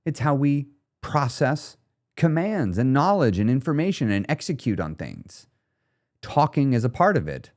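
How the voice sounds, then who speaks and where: A man's voice: medium pitch, normal speed. A man hosting his own podcast, coaching listeners directly in a casual, blunt, slangy solo monologue. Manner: animated coaching, talks straight to the listener; laid-back, slangy and blunt. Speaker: weight loss podcast host.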